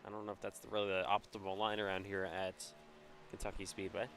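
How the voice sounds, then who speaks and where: A man with a congested, stuffed-up voice giving casual live commentary on a sim race as the stream host, relaxed and chatty with frequent fillers. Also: low voice, quick pace, a little hiss or hum.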